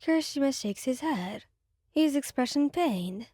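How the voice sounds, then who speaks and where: A woman narrating a romance story in a quiet, somber ASMR style. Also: a little high, lively intonation, measured pace, dry recording, studio quality.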